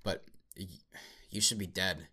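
A man's voice: deep voice, fairly even intonation, measured pace, pushed and bright, breathy edge, exaggerated voice. A man voicing a hunted man who stammers and apologizes to a former friend. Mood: uneasy. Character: hunted man facing an old friend turned foe.

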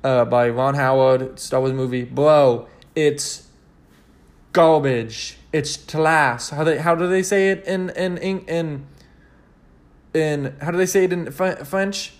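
A man's voice: on the high side, fairly even intonation, moderate pace. A young man hosting a casual solo podcast, rambling and cursing with many restarts as he rants animatedly. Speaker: podcast host.

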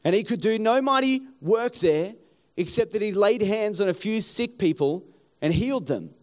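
A man's voice: sits high, lively intonation, normal speed. A man, preaching a sermon as pastor and acting out the townspeople he quotes.

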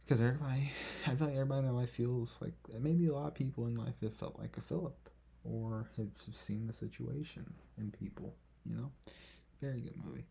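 Podcast host, male, mellow gravelly voice, eager and meandering, casual review delivery. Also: mid-range voice, fairly even intonation, fairly quick. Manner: enthusiastic, rambling, self-correcting. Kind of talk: casual film review chat.

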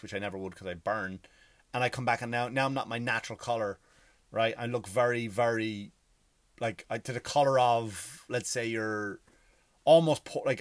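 An Irish man from Ireland ranting casually, profane and animated, firing off rhetorical questions. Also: medium pitch, no room sound.

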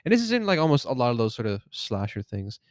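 A man's voice: medium pitch, big pitch swings, fast, no echo, studio quality. A young man co-hosting a podcast, rambling in crude casual chat, swearing and laughing often. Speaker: podcast co-host.

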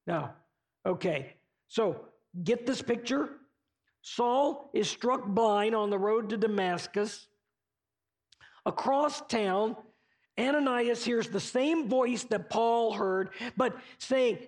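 Slow-talking high-voiced male preacher. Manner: conversational, casual paraphrase with asides to listeners. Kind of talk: sermon storytelling.

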